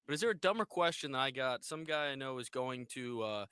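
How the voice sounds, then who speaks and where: A man co-hosts a sports talk show, rattling through stories at a fast clip and laughing along the way. His voice is bright and slightly high, and the sound is dry and close. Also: expressive, clear, resonant tone, no echo. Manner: fast, laughing, acts out quotes. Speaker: co-host. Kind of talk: casual sports talk, storytelling.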